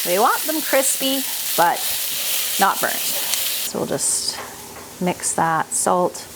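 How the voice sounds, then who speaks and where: A home cooking vlogger with a Canadian accent chats casually while cooking in her kitchen, laughing easily and thinking aloud. Her medium-pitched voice moves slowly with big pitch swings, over heavy background noise.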